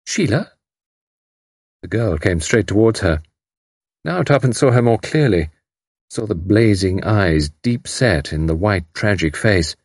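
Male audiobook narrator, low husky voice with lively intonation; measured. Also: no room sound, clean studio sound.

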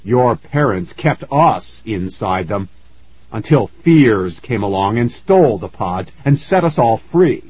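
A man voicing a sinister male ghost leader who speaks in a deep, slow, coldly calm way, in a slightly muffled recording. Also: husky, heavily acted. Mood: coldly menacing.

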